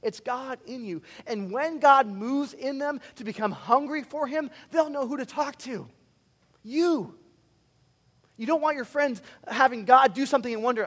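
A male pastor preaching with a light, high-pitched voice. He swings from loud, punchy emphasis down to hushed, earnest asides. His voice carries a long reverb tail from a large church hall. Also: moderate pace. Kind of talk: sermon.

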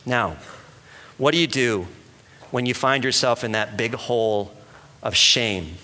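Male pastor, bright forceful voice, chatty sermon style, long hall reverb. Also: medium pitch, unhurried, long pauses. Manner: conversational, animated, asks the room questions. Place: church hall with an audience.

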